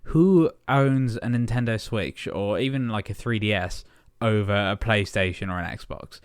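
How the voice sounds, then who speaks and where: A man's voice: lowish voice, measured pace, clean tone, no room sound, clean studio sound. A young man casually chatting while building in a game, rambling with many fillers and little chuckles. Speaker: gaming channel host. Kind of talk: casual Minecraft building commentary.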